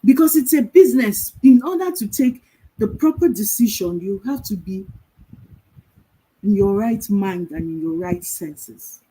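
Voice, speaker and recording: A middle-aged woman, giving a calm motivational talk as a virtual assistant coach, telling stories and asking rhetorical questions. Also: medium pitch, unhurried, breathy edge, low-quality recording.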